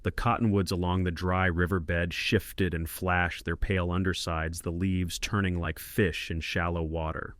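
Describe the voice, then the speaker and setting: A man tells a scripted western story in a low, calm and measured way. His voice is very deep, and the recording is dry and close, with no room echo. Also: clear, resonant tone.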